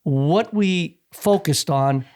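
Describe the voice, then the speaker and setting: Middle-aged dad rambling through a story, slightly high voice, voicing the back-and-forth. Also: male voice, slow pace, darkish tone. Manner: chatty, acts out quoted dialogue. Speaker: wrestler's father. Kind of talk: anecdotal storytelling.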